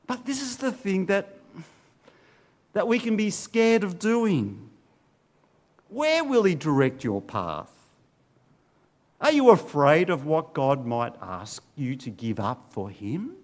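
A man preaching a sermon, earnest, often putting questions to his listeners. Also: a little high.

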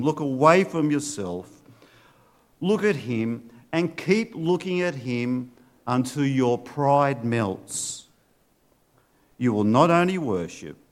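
Slow, earnest male preacher. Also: mid-range voice. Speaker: pastor. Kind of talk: sermon with storybook readings and prayer.

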